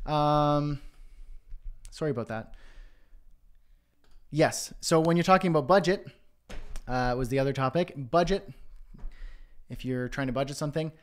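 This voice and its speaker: Male livestream host, mid-range voice, relaxed advice-giving, fillers, home studio. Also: mid-range voice, normal speed, long pauses. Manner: conversational, self-deprecating, frequent fillers.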